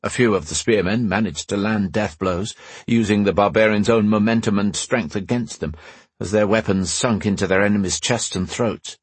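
Measured storyteller, husky man, low-set voice, dry booth, for fantasy narration. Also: no echo. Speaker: audiobook narrator.

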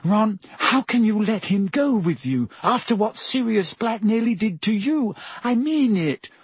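A man's voice: sits high, sing-song, a little slow, slightly rough, no echo, voice pushed up, heavily acted. Man doing a bossy clever schoolgirl. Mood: insistent. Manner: insistent, earnest. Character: bossy clever teenage girl.

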